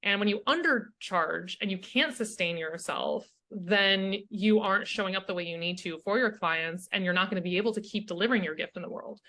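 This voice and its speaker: A woman talks through her ideas in a casual interview, earnest and reflective. Her voice is bright and clear, at an everyday pitch for a woman, and she keeps checking in with her listener. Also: fairly quick, hardly any pauses. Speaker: guest, leadership coach.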